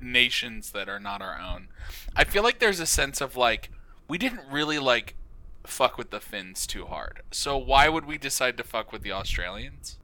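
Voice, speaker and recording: Stammering, laughing man with a bright voice. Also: medium pitch, sing-song, moderate pace, poor audio. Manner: stammering restarts, laughs a lot. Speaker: comedy podcast co-host. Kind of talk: improv comedy chat.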